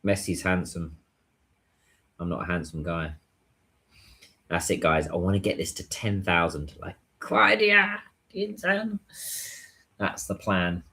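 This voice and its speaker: A man's voice: low voice, fairly even intonation, a little slow, long pauses, a bit bright. A man chatting casually on a livestream while he waits in a taxi queue, musing aloud and answering viewers' comments. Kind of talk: casual live-stream chat.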